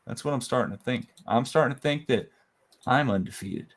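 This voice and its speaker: A middle-aged man co-hosting a casual chat show, easygoing and quick to laugh. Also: medium pitch. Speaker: co-host.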